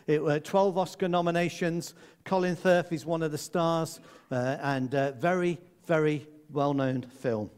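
Man, preacher, conversational Christmas sermon, jokey, slightly raised pitch. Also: a little mellow. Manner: conversational, jokey, laughs often.

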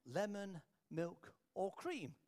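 A courteous male butler who speaks quietly and slowly as he lists each option, as a preacher puts him on. The voice is a little higher than plain speech and stays restrained. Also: big pitch swings, heavily acted. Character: polite, formal male butler offering choices.

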